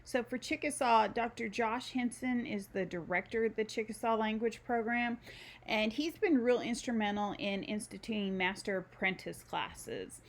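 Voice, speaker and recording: A woman teaching a recorded university lecture, explaining slowly with frequent ums and pauses while walking through a document. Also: a little high. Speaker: university instructor. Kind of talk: recorded screen-share lecture.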